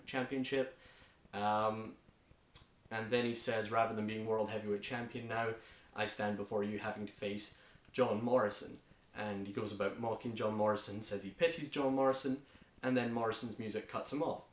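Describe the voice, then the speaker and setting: A man with a Scottish accent reviewing a wrestling show in a casual, opinionated way, full of enthusiasm and frequent ums. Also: on the low side. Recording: echoey room.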